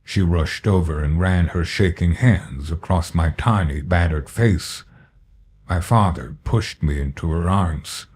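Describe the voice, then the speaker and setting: A man narrating a horror story in a slow, grave storytelling manner. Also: deep voice, a little mellow, husky.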